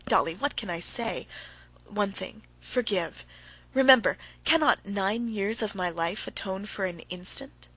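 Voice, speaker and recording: A woman's voice: mid-range voice, animated, measured pace, pushed and bright, breathy edge, no echo, exaggerated voice, rough recording. A woman voicing a remorseful pleading husband. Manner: tearful, begging, breaking off mid-sentence. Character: distraught middle-aged husband, pleading and remorseful.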